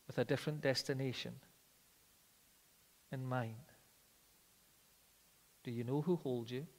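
A man with a medium-pitched voice preaches a sermon in a large hall, reading scripture aloud and repeating key phrases. He often slows down and lowers his voice softly to drive a point home.

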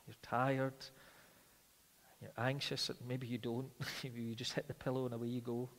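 A man's voice: medium pitch, flat delivery. Man preaching in a reverberant hall. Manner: earnest, swings from emphatic to hushed and slow. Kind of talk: sermon. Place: church. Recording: long reverb of a large hall.

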